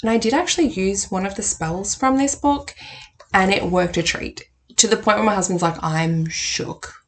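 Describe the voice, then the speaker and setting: A woman hosting a casual book review vlog, chatty and enthusiastic. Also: lowish voice. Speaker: tarot reader and YouTube host.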